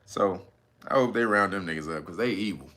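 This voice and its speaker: A man hosting a casual news commentary show, talking in a profane, slangy way and acting out quotes in loud high voices between laughs. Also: brisk. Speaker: commentary podcast host.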